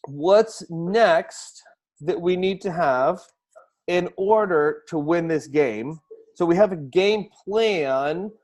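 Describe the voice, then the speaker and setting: Excitable high-voiced male coach. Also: drawn-out words. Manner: excitable, fires repeated rhetorical questions. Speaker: host and speaking coach. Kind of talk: energetic live-stream coaching talk.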